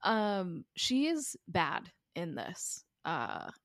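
A woman's voice: lowish voice, huge pitch swings, drawn-out words, no echo. Woman podcast co-host, casual and self-deprecating, dry close mic. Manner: hedging, self-deprecating, laughs often. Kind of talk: casual film review chat.

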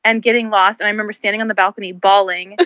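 A woman co-hosting a casual podcast chat, chatty and quick with joking asides. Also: medium pitch, little pitch movement, pushed and bright, no room sound. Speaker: podcast co-host.

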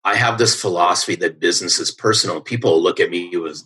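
In a podcast interview, a middle-aged sales coach tells stories with plenty of energy and emphasis, regularly asking "right?". He talks fast in a low, husky voice with a fairly bright tone. The recording quality is low.

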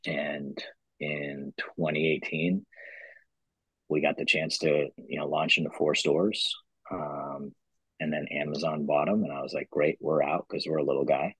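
This earnest, reflective podcast guest founded a company and recounts his journey casually, wandering a bit and saying "you know" a lot. He has a rumbling low voice that is fairly bright with a breathy edge, delivered in a steady tone at a measured pace. The audio is poor, though free of echo.

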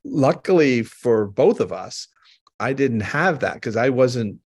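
A man hosts a podcast, talking earnestly and explaining his points through personal stories. His voice is mid-pitched. The sound is dry and close to the mic. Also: lively intonation, slow pace, darkish tone, slightly rough, no room sound. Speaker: podcast host. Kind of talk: conversational storytelling.

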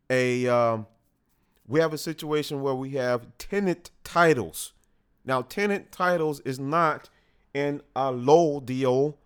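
Guy hosting a slow talk, clean smooth voice, keeps backing up to fix what he said. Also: mid-range voice. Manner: slow and deliberate, with restarts and small self-corrections. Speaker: host. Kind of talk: unscripted monologue talk.

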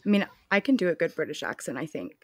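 Low-voiced joking woman, dry sound. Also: very animated, quick pace, breathy edge, dry recording. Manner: jokey, swears, puts on a British accent. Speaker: podcast host. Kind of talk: casual chat.

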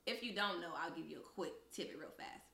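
Animated young woman telling a story. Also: fairly low pitch, brisk, creaky, reverberant. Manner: animated storyteller, acts out quoted voices. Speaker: podcast co-host. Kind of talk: casual storytelling chat.

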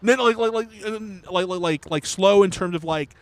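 A man co-hosting a casual chat, talking in a rambling, animated way, swearing and laughing loudly. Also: high-pitched, fairly quick, dry recording. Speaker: podcast co-host. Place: New York City.

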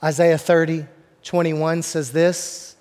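A man preaching a sermon as pastor, talking in a relaxed, conversational way with repeated words and joking asides to the congregation, in a church. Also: fairly high pitch, slow, clean tone. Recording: long hall reverb.

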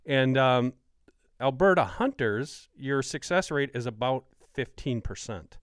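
A man's voice: medium pitch, lively intonation, unhurried, clean tone, dry recording, studio quality. A man from Wisconsin hosting a hunting podcast, asking questions eagerly and working through numbers. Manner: enthusiastic, asks questions, quotes numbers. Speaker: podcast host. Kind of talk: casual podcast interview.

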